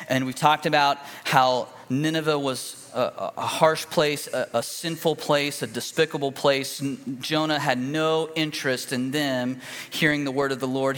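Male pastor, mid-pitched, folksy storyteller with restarts, delivering a sermon in a reverberant church hall. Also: a bit bright. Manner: folksy, conversational, with fillers and restarts.

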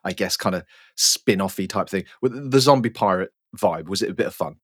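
A man co-hosting a casual podcast, playful and quick with jokes and laughter. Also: sits low, animated, a bit bright, breathy edge, dry recording, studio quality. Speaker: podcast co-host. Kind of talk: casual chat.

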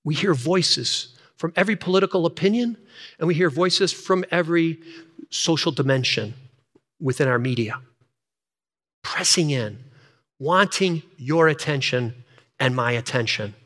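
In a recording with long hall reverb, a sixty-something pastor delivers a sermon full of repeated key lines. He moves between fast, high, energetic stretches and near-whispers used to stress his points.

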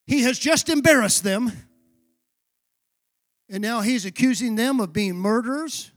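A man preaching with fervor in a strikingly high voice. He builds to shouted peaks, then drops low and quiet, retelling scripture like a drama. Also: unhurried. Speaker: pastor. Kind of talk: sermon.

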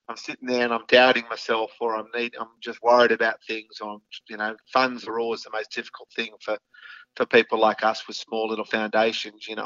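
A man's voice: mid-range voice, pushed and bright, dry recording. A middle-aged man with an Australian accent, speaking frankly as an interview guest, with many fillers and restarts. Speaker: guest, foundation founder. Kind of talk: candid interview talk. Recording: slightly dull lo-fi audio.

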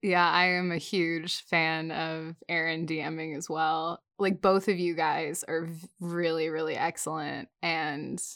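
A woman's voice: sits low, level tone, unhurried, few pauses, a bit bright, no room sound, clean studio sound. A woman co-hosting a tabletop gaming podcast, enthusiastic and giggly in casual chat. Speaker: podcast co-host.

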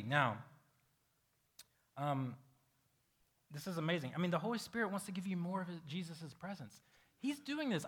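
A man with a bright, forceful voice preaching in a church. He is the pastor, and he tells stories with animated acted-out quotes. His voice sits a little higher than most men's. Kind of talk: sermon. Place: church hall with a congregation.

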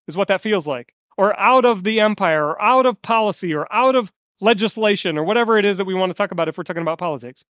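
A man's voice: high-pitched, a bit bright, no room sound, studio quality. A male pastor preaching a sermon in a conversational way, telling stories and asking the congregation questions.

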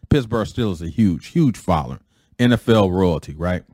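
A man's voice: low voice, expressive, moderate pace, a little mellow, no room sound. A man hosting his own podcast, talking casually in a rambling way, often repeating himself and paraphrasing others. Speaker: podcast host. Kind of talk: casual opening monologue.

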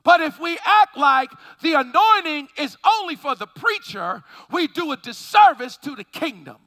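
A male preacher delivers a fervent sermon with a strikingly high, very bright voice. His pitch leaps and falls in lively swings, rising into shouts as he calls for the congregation's response. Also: moderate pace.

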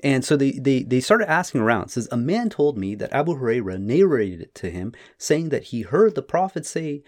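A man's voice: mid-range voice, a little fast. A man giving casual spoken commentary on old texts, retelling stories in his own words with many fillers. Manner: paraphrases texts with animated retellings and frequent fillers. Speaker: religious commentator.

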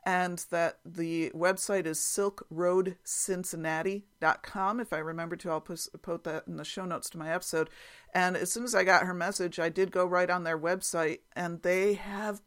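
A woman with a slightly low voice hosts her podcast in a relaxed, chatty way. She reads through listener notes with plenty of "um"s and soft laughs. She sounds easygoing and unscripted. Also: moderate pace. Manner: chatty, many fillers and small laughs. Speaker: quilting podcast host. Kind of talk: casual podcast chat.

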